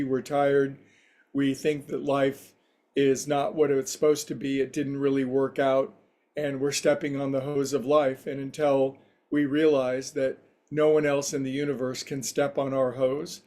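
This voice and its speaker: Gentle storytelling meditation teacher, a man. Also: medium pitch. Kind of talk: spiritual talk to a livestream group.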